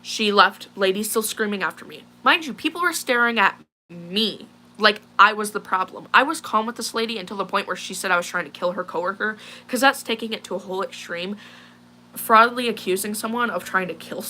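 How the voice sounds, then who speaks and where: With lively intonation and a brisk pace, a teen girl vlogger shares a distressing story with her live audience. Her medium-pitched voice sounds pushed and bright, and she rambles casually with plenty of fillers, clearly shaken.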